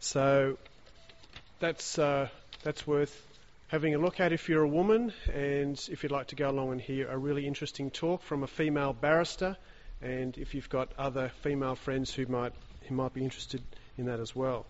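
A man's voice: mid-range voice, steady tone, normal speed. A man reading church announcements, hesitant and restarting often. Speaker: service leader. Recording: long-reverb hall, dull sound.

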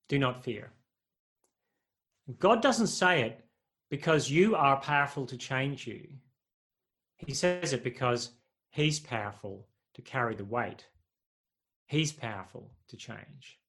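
A man's voice: mid-range voice, animated, slow pace, long pauses, fairly bright tone. Humorous, conversational male preacher. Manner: conversational, humorous, asks the congregation questions. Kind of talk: sermon.

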